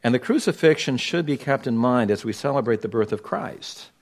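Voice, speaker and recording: A man's voice: mid-range voice, expressive, fairly quick. Emphatic man preaching a sermon. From Los Angeles. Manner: emphatic, pointed preaching with sudden loud stresses. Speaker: pastor.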